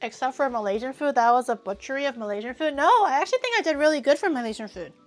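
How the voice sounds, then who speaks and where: High-voiced woman ranting on a livestream. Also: rapid-fire, soft background music. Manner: animated, ranting, swears freely. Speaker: livestream host. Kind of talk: casual livestream chat.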